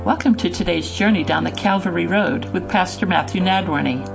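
A woman's voice: fairly low pitch, fairly quick, gravelly, poor audio. A woman reading a scripted introduction as the announcer of a radio ministry program. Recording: guitar music behind the voice.

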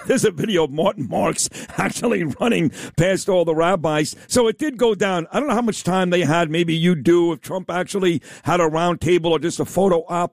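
A man's voice: on the high side, dry recording. A male talk radio host speaking bluntly and combatively in a studio.

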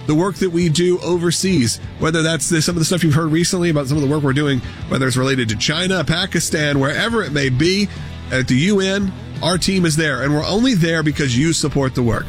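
A man with a somewhat high voice hosts a talk radio show from a studio, earnest and energetic, circling back over his points. Faint music sits underneath him. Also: a little fast. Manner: earnest, energetic pitch with repetitions. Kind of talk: talk radio fundraising appeal.

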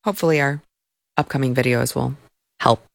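A woman's voice: very deep voice, a little fast, vocal fry, dry recording, studio quality. A woman from the United States giving sarcastic, mocking opinion commentary and reading posts aloud. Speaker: political commentator.

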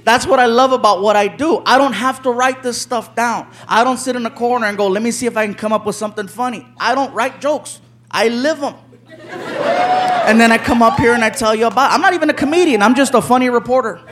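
A male stand-up comedian telling a story on stage, loud and animated, acting out the people in it. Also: very high-pitched, fairly quick. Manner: loud, animated, acts out characters' voices. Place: comedy stage before a live audience. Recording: live show with crowd noise.

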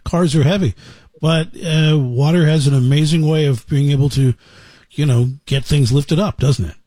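Husky-voiced radio host. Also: male voice, a little high, moderate pace, warm tone, no room sound. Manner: conversational, asks leading questions. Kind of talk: radio interview.

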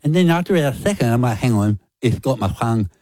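A man's voice: medium pitch, fast, dry recording. A man hosting breakfast radio, telling a story in a casual chat and acting out the voices of the people in it. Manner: animated, acts out quotes. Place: radio studio.

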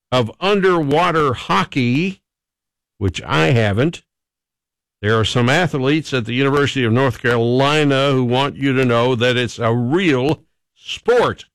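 A man's voice: mid-range voice, vocal fry, a bit bright, no room sound. A man hosting a radio call-in show, chatting casually in a folksy, rambling, self-deprecating way. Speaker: radio talk show host. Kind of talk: casual morning radio chat.

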